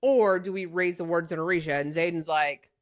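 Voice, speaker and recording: A woman co-hosting a book podcast, calmly explaining details and setting the record straight in casual talk. Her voice is somewhat low. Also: brisk. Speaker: podcast co-host.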